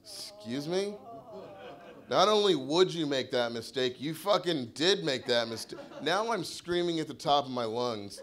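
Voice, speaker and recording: A man doing a profane stand-up set, dropping to mutters and bursting into furious shouts. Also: a little high, expressive, normal speed, few pauses. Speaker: stand-up comedian. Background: audience laughter.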